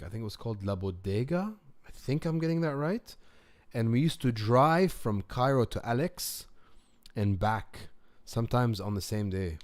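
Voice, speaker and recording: A man's voice: medium pitch, a little mellow. A man who grew up in the Gulf, hosting a casual live stream from home. He answers comments, tells rambling stories and thinks aloud while solving a word puzzle, laughing often. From United Arab Emirates.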